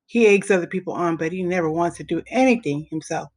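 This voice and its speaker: A woman's voice: lowish voice, fast, a little mellow, close to an everyday voice. A woman voicing a stubborn boy who talks himself into being brave. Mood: determined. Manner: earnest, self-persuading.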